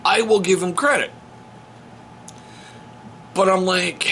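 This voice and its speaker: A man's voice: high voice, slow pace, a little hiss or hum. A man telling a casual, joking story to camera as a stepfather vlogger, at home. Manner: joking, animated, playful. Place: home on a cold day. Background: heater running.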